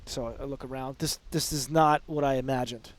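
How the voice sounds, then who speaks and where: A man speaking as a podcast guest, giving energetic, emphatic coaching talk and often quoting example phrases. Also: mid-range voice, fairly quick.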